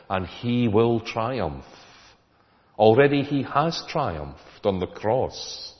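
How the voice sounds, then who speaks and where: Male pastor, lowish voice, emphatic preaching, dull lo-fi recording. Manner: emphatic, rhetorical questions to the congregation. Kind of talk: sermon. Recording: echoey hall, dull lo-fi sound.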